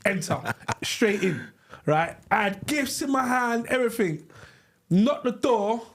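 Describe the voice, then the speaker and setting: A man, a podcast co-host telling lively, laughing stories in casual slang. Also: high-pitched, unhurried. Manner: animated, laughing storyteller with slang. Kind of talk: casual storytelling with friends. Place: live podcast studio.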